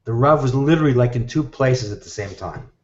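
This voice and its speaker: A man telling a story in an animated way and acting out the voices of the people he quotes, heard over a live video call. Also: medium pitch, brisk. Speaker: guest teacher. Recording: echoey, dull video-call audio.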